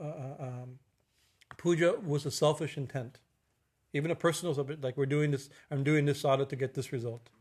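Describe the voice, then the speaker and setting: A man giving a religious discourse as a swami, halting with fillers and restarts and slowly chanting Sanskrit verses. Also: a little high, a little mellow. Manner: halting, many fillers and restarts, tag questions. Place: temple.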